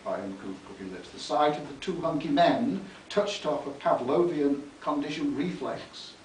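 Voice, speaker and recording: Recorded from a distance in an echoey room with a little hiss or hum, an author reads from his book at a library talk. His voice is a little high with a darkish tone at a measured pace, and he's theatrical, relishing words, chuckling at his own lines and adding asides.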